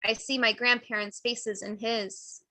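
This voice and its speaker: A woman author giving a live reading of her own memoir at a cafe event, with raw, intense emotion and shifting pace and loudness. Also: fairly high pitch, flat delivery, a little slow, no room sound.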